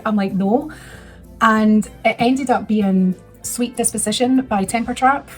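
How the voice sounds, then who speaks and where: A woman's voice: fairly high pitch, expressive, normal speed, faint music behind. A woman in her thirties telling a rambling, emotional personal story in a casual vlog. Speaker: vlogger.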